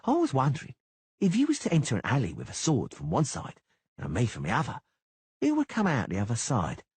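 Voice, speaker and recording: A man reading an audiobook, voicing a swaggering male mercenary who mocks and menaces in a husky, taunting voice. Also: medium pitch, huge pitch swings, brisk, darkish tone, dry recording, pitched above the performer's own voice, exaggerated voice. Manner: taunting, sneering.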